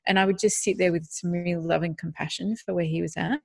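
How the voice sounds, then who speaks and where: Earnest woman podcast host, low voice. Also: moderate pace, vocal fry, few pauses, no echo, clean studio sound. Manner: earnest, reflective, laughs easily. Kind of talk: casual podcast chat.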